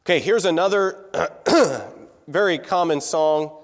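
A man's voice: fairly high pitch, slow, big-room sound. A man teaching music to a room full of people, talking casually and asking them questions. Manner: conversational, asks the room questions. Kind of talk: classroom lecture.

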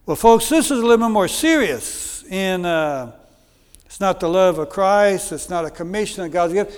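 A man's voice: sits high, animated, moderate pace, smooth. A middle-aged American man preaching a sermon as a guest speaker, earnest and repetitive, with frequent fillers. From United States. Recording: long hall reverb.

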